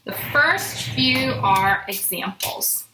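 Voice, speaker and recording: A woman teaching a phonics lesson to children, sounding out letters slowly and clearly. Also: medium pitch, lively intonation, noisy background. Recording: echoey room.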